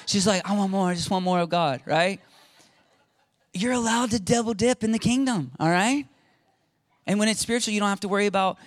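Animated, high-voiced male pastor. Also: dry recording. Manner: animated storytelling, conversational, repeats words. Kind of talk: sermon.

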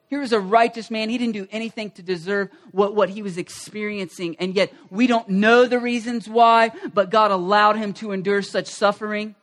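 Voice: mid-range voice, fairly bright tone. A pastor preaching a sermon at a church service, energetically repeating key phrases and getting the congregation to say them back.

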